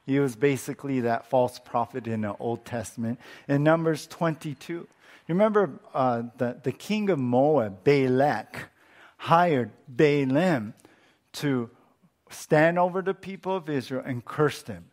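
Conversational, animated man preaching. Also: medium pitch, measured pace. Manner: conversational, animated, many fillers and restarts. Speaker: pastor. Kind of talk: expository Bible teaching sermon.

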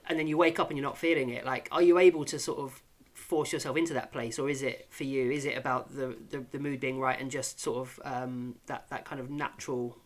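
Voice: mid-range voice, fairly even intonation, brisk. A podcast host asking a guest casual, probing questions and rephrasing them as he goes.

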